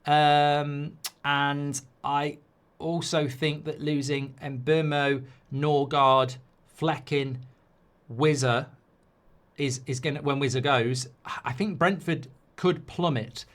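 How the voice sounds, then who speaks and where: A man's voice: fairly high pitch, steady tone, takes it slowly, fairly bright tone. A man giving football predictions in a rambling, jokey way, often interrupting himself. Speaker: football pundit. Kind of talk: casual football predictions chat.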